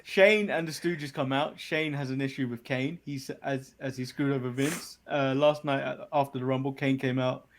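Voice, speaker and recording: A man's voice: medium pitch, steady tone, normal speed, few pauses, a little hiss or hum. A man from the UK hosting a podcast, recapping events casually and laughing often. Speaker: podcast host.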